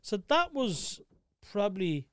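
A young Dublin man telling a story in casual chat, animated and full of swearing. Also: sits high, slow, clean tone, no echo. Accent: Dublin Irish.

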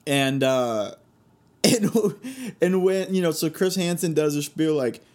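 A man's voice: a little high, slow. Gleeful young man telling stories. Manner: animated, gleeful storytelling with laughs. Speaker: podcast host. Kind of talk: casual solo podcast chat.

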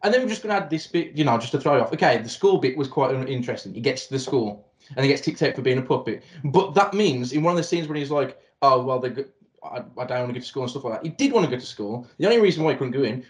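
A man's voice: on the high side, very animated, fast. A man ranting in a casual film review chat, swearing a lot and repeating words while he searches for the next one.

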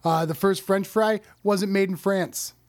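A man with a high-pitched voice, chatting loosely as a podcast guest. He trades deadpan dad jokes and drops swear words casually. His voice is close and dry, with no room sound. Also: unhurried, dry recording. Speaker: guest, comedian.

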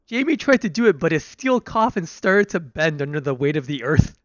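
A man co-hosting a casual podcast chat, reading out facts with halting restarts. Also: fairly high pitch, sing-song, dry recording, lo-fi sound. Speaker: podcast co-host.

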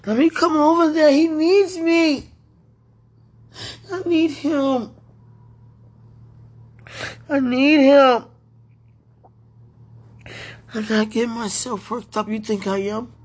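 A tearful woman in an emotional spoken prayer, pleading in halting, repeated phrases. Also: sits high, fairly even intonation, slightly rough.

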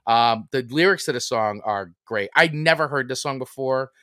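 A man co-hosting a casual music podcast, speaking at a middle pitch in an easygoing, halting way. His voice sounds dry and close, with no room echo. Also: a bit bright. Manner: easygoing, halting, many restarts and fillers. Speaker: podcast co-host. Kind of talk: casual chat.

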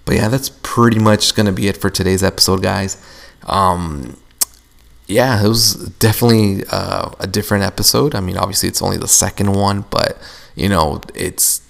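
A man's voice: sits low, moderate pace, gravelly. A young man hosting a casual solo podcast, rambling and venting with lots of swearing. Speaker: podcast host.

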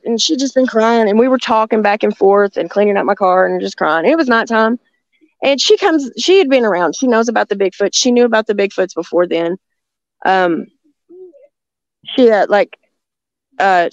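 A woman telling stories in a rambling, halting way, with many restarts, talking from a rural home near the woods. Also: mid-range voice, a little mellow, dry recording, dull audio. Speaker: guest telling encounter stories. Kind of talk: casual storytelling on a call-in show.

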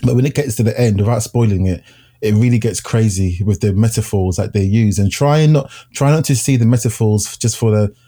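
Laid-back guy on a movie podcast, lowish husky voice, giggles a lot. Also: brisk. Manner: relaxed, laughs easily. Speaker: podcast co-host. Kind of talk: casual film review chat.

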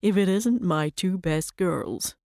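A woman reading the lines of a brash American male swimmer with a drawl, in smooth, flattering showman patter. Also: fairly low pitch, slow pace, dry recording, studio quality.

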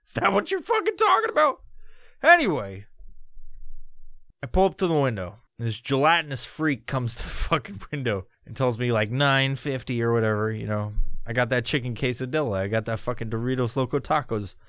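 A man's voice: medium pitch, brisk, a bit bright, no echo, studio quality. A man hosting a podcast and telling a story as a profane comedy rant, swearing constantly and jumping into indignant outbursts. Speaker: podcast host.

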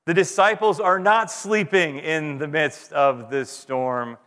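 A man in his thirties preaching a conversational sermon as pastor, with dramatic pauses and gentle self-deprecating humor. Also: a little high. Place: church sanctuary. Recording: long reverb of a large hall.

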